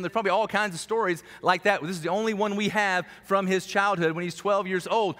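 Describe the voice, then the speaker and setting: Male pastor, fairly high voice, chatty storytelling sermon, long hall reverb. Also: fast, hardly any pauses. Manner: conversational, animated storytelling with dramatic soft drops.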